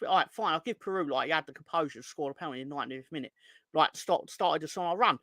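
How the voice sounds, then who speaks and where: A man's voice: on the high side, fast talker, bright, forceful tone, no room sound, clean studio sound. A young man hosting a fan live stream, ranting in an exasperated, sweary way and reading out chat hellos. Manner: exasperated, sweary, rising into angry outbursts. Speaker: fan channel host.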